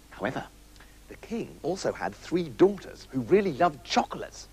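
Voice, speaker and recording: A man narrating a comic fairy tale in a playful, animated way with jokey asides. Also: on the high side, moderate pace, husky, rough recording. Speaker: storyteller.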